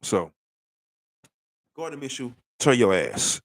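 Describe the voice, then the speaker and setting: A man's voice: fairly low pitch, expressive, normal speed, pauses often, no room sound. A middle-aged man ranting bluntly about football in a rambling, casual way, full of rhetorical questions. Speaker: sports commentator. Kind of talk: casual sports rant.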